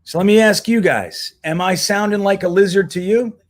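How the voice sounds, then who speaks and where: A man's voice: high voice, normal speed. A man hosting a casual livestream, talking loosely and rambling, swearing now and then. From United States. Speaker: host.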